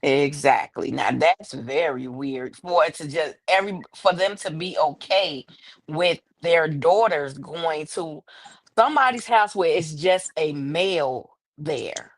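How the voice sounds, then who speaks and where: A woman's voice: low voice, unhurried, no room sound. A woman who is a parent, chatting casually on a live stream and telling a story about her son. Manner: conversational storytelling, agreeing often.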